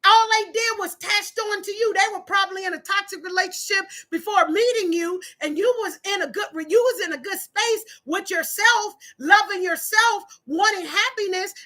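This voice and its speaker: Emphatic high-voiced woman giving advice. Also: pushed and bright. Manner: emphatic and preachy, with repeated phrases. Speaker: host of a relationship talk channel. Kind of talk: live-stream advice talk reading viewer comments.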